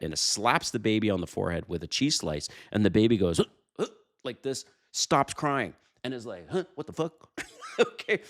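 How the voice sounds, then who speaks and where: A man with a low voice hosts a dating advice channel, giving a casual advice monologue to camera. He speaks animatedly, addresses viewers directly, tells quick stories and chuckles.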